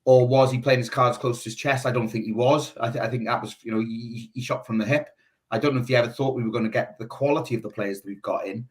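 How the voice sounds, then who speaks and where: A man in casual talk on a football phone-in, sharing his views freely. He thinks out loud and keeps talking through his points. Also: mid-range voice, fairly even intonation, fast. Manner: talkative, opinionated, thinks out loud. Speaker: football fan panelist. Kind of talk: casual chat.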